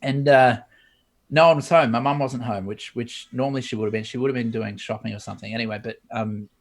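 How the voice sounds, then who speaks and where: A man's voice: mid-range voice, fast talker. A man, a guest in an interview, telling a story and acting out the dialogue. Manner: lively storyteller who acts out dialogue. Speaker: guest, 3D modeler.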